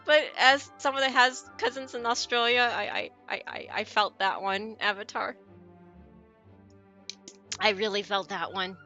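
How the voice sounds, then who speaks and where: A woman's voice: mid-range voice, steady tone, unhurried, pushed and bright, soft background music. A woman streamer chatting casually with her viewers while she plays a game, giggling often and answering messages from chat.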